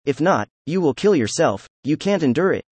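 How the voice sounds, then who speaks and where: A man voicing a gentle, earnest young man, in a plain, even reading. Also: on the high side, normal speed, slightly rough, no echo. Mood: sorrowful.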